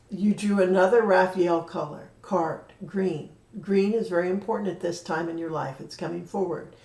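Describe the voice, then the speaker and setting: A woman giving a spiritual card reading, talking in an earnest, gently encouraging way. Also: lowish voice. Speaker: card reader. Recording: roomy echo, voice from a distance.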